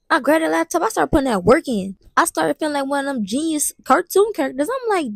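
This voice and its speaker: A young woman vlogger telling a personal story in an animated way, often stuttering and restarting. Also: sits high, a little fast, dry recording, clean studio sound. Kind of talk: storytime vlog.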